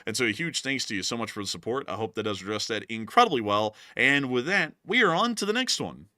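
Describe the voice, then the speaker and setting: A man's voice: animated, sharp tone, no room sound, studio quality. A man hosting a live stream and answering super chats casually, with a slightly strained voice and plenty of "uh" fillers. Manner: casual, drawn-out fillers, with sudden pitch jumps. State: voice feels strained. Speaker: show host.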